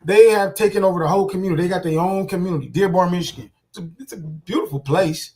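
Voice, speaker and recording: High-voiced indignant male commentator. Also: fast, a little mellow. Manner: indignant, repetitive, talks straight to viewers. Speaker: commentator reacting to a clip. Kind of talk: casual reaction commentary.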